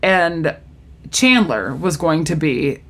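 A woman's voice: low voice, slow. A woman in casual chat who is animatedly retelling a story and says "like" a lot. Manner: animated storyteller, heavy use of "like", laughs often. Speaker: friend retelling a TV episode.

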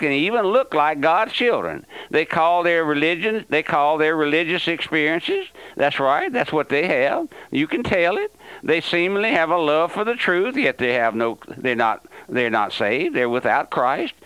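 A man's voice: fairly high pitch, fairly bright tone, clean tone, dry recording, poor audio. An older man, a pastor, preaching a radio sermon with emphatic repetition.

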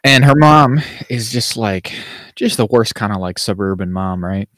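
A man's voice: on the low side, lively intonation, moderate pace, a bit bright, dry recording, clean studio sound. A man co-hosting a podcast, chatting casually about a TV show in a rambling way, with lots of fillers and restarts. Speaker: podcast co-host. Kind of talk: casual chat reviewing TV.

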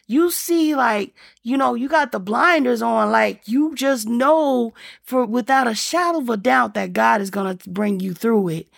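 A woman's voice: a little high, gravelly, no echo, clean studio sound. A middle-aged woman giving a heartfelt faith testimony, earnest and rambling, full of fillers. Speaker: speaker sharing faith testimony.

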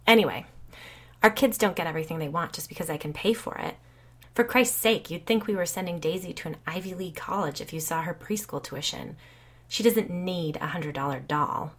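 A blunt, well-off young mother who tells a story with casual swearing and a dry, sardonic edge, as a woman reader acts her. The voice sits low with a husky grain. It is an audiobook character who talks like she is spilling gossip over wine. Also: brisk. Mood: gossipy. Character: blunt, foul-mouthed wealthy young mother. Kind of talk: audiobook reading.

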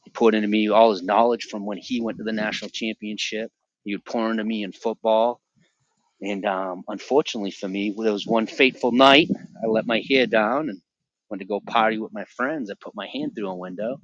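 A man's voice: lowish voice, steady tone, fairly quick, no echo. A man as a podcast guest, telling his personal faith testimony in an earnest, emotional way and repeating himself for emphasis, on a dull lo-fi recording. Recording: dull lo-fi dry sound.

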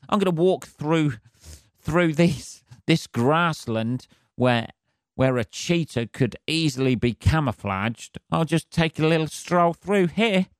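A man's voice: mid-range voice, no echo, clean studio sound, natural voice. A man voicing a naive, cheerful prey animal that grazes, oblivious to danger, in a breezy, dim-witted way.

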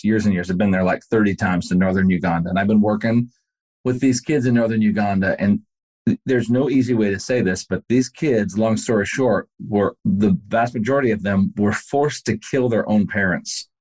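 This is a man with a lowish, somewhat mellow voice, a pastor appearing as a podcast guest. In casual conversation he tells a story, speaking earnestly and straight to the listener.

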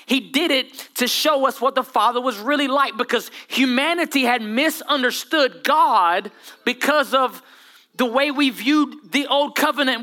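A man preaching a sermon with humor, dramatic whispers and sudden loud bursts. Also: very high voice. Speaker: pastor.

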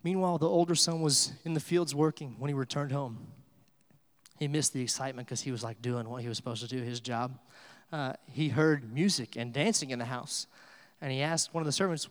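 A man preaching a sermon, with rises from quiet to loud and emphatic. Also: fairly high pitch, fairly quick, in a large hall. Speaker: pastor.

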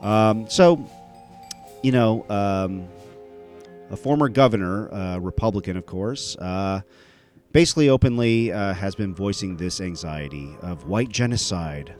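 Guy rambling thru his podcast intro, lots of ums, kinda low voice. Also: unhurried, darkish tone, soft background music. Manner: rambling, many fillers and restarts. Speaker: podcast host. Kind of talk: casual solo podcast intro.

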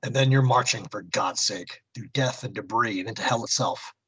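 Husky male podcast host narrating. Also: lowish voice, normal speed, fairly bright tone, rough recording. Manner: theatrical narration in second person. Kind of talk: dramatic comic reading and history segment.

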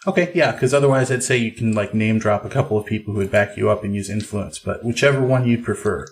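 A man acting as game master in a tabletop role-play, relaxed and halting, with many fillers. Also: lowish voice. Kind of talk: narrating and voicing characters in a tabletop game.

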